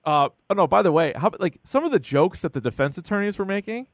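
A man's voice: high voice, animated, fast, dry recording. A man co-hosting a podcast, chatting casually and acting out what people said, with lots of "like". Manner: chatty, peppered with "like", acts out quotes. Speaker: podcast co-host. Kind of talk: casual chat about a true-crime series.

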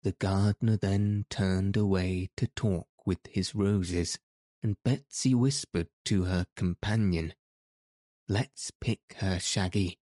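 A man narrates a storybook at an unhurried, deliberate pace. His voice is low and mellow, and his reading is steady and measured. The recording is dry and close, with no room sound. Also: no room sound. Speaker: audiobook narrator.

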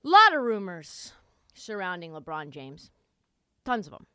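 A woman giving casual sports commentary, animated and sarcastic, swearing freely. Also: on the low side, measured pace, music in the background.

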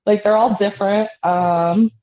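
Woman, comedian guest, casual storytelling, mellow low voice, lo-fi call audio. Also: fairly even intonation, unhurried. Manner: storytelling, acts out quotes with lots of "like". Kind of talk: casual interview over a call. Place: apartment above a bar. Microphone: headphones on a video call.

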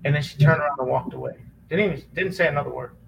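Earnest man, halting and emotional. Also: a little high, gravelly, background noise. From Chicago area. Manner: halting, earnest, many restarts and fillers. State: near tears, choked up. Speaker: podcast guest, former police officer. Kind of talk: emotional personal testimony.

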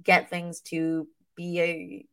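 A woman with a somewhat low voice talks casually on a podcast. She sounds enthusiastic but halting, and she often restarts her sentences with fillers. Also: monotone, creaky, smooth. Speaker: podcast co-host. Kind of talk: casual chat.

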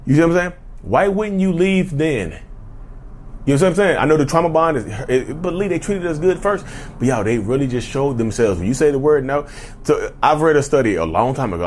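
A man in his thirties from North Carolina with a Southern drawl, ranting emphatically and bluntly to his viewers, with profanity and lots of y'all. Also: mid-range voice. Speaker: YouTube channel host. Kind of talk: unscripted rant to camera.

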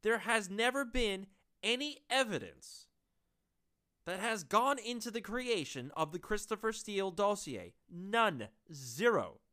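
Woman, solo commentator, sarcastic and exasperated, animated pitch. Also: a little slow. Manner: sarcastic, exasperated, laughs at own jokes. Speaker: political commentator.

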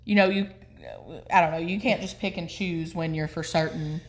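A woman's voice: on the low side, fairly even intonation, moderate pace. A young adult woman co-hosting a podcast, speaking earnestly and hesitantly with frequent ums. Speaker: podcast co-host. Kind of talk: casual chat.

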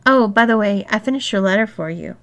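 A woman's voice: mid-range voice, brisk, gravelly, fairly bright tone. Woman voicing a sly, sweetly mocking young woman.

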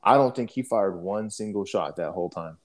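Young adult man, lowish voice, casual profane storyteller, throat-clearing habit. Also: fairly quick, a little mellow. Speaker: guest telling a war story.

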